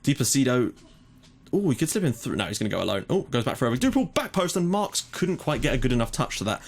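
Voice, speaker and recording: A man's voice: mid-range voice, sing-song, quick pace. A young man casually commentating his own football management game, chatty, with frequent fillers and mock match calls. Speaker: gaming YouTuber. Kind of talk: casual let's-play commentary.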